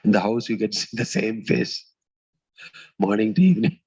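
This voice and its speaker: A man giving a spiritual talk as a swami, telling stories in a community hall and pausing with "uh" as he goes. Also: lowish voice, animated, creaky, a little mellow, slightly rough, lo-fi sound. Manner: storytelling, acts out quoted voices, pauses with "uh". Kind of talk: sermon.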